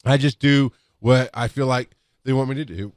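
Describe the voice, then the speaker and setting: With a mid-range voice at a moderate pace, a middle-aged EMS instructor tells casual, rambling stories about work into a podcast mic. He keeps restarting and acts out quotes; the sound is clean studio audio with no room sound.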